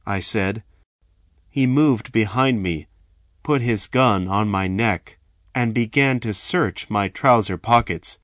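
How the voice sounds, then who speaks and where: Slow, measured male storyteller. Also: fairly low pitch, a bit bright, no echo, clean studio sound. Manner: slow, measured, dramatic delivery. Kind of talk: first-person story reading.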